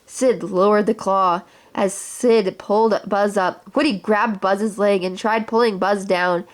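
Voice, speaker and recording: A woman reading a children's storybook aloud with clear, steady narration. Her voice sits at an ordinary middle pitch for a woman. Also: measured pace.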